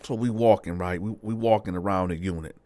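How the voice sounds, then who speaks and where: Man, low voice, dry close sound, casual street-slang storytelling, animated quoted dialogue. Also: brisk, no room sound. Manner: animated, acts out dialogue with big pitch jumps; slangy street talk, frequent "right?" asides.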